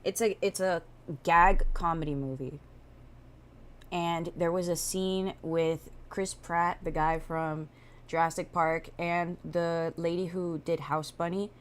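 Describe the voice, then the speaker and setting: A woman streamer in casual reaction chat, telling a story with animated, profane energy. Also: on the low side, slow pace.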